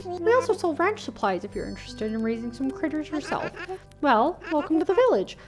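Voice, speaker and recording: A woman voicing a friendly, fatherly wolf shepherd in a cozy game, pitched up from her own voice. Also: very animated, a little fast, music in the background. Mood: welcoming.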